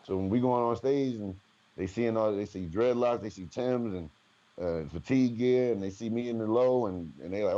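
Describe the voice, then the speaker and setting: Animated New Jersey man telling stories. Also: on the low side, moderate pace, muffled recording. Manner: animated storyteller, slangy, acts out quotes. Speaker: guest rapper. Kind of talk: casual storytelling interview.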